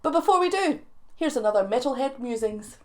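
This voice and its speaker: A woman's voice: sits high, lively intonation, brisk, over loud music. A young woman with a Scottish accent hosting a chatty video channel, playful and teasing, laughing often between remarks. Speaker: YouTube reaction host. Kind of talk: chatty vlog to camera.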